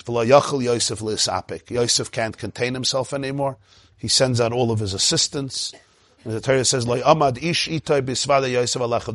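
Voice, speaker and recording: Animated male Torah teacher, dry sound. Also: mid-range voice, no room sound. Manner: animated storyteller who repeats phrases for emphasis; quotes Hebrew verses, then translates them. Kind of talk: lecture retelling a biblical story.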